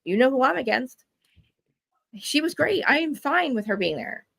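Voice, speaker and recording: Young woman on a chat podcast, gravelly voice, fired up, cussing and doing quotes. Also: high-pitched, normal speed. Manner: animated, swearing, acting out quotes. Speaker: podcast co-host. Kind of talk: casual chat.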